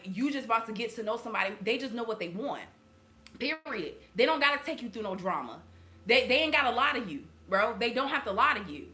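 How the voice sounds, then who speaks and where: A woman's voice: a little high, sharp tone, echoey room. A woman hosting her channel and giving a casual spiritual reading to viewers, talking bluntly and swearing freely between laughs. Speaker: intuitive reader and channel host.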